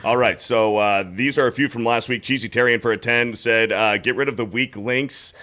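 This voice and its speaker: Bright-voiced man reading super chats. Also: medium pitch, fairly even intonation, normal speed. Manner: reads donor messages aloud, wry asides. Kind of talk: casual livestream chat.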